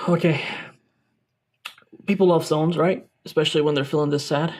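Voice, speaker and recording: A man's voice: fairly high pitch, fairly even intonation, moderate pace, pauses often, a little mellow. A young man hosting a mock product review, gushing with over-dramatic enthusiasm. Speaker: tech YouTuber.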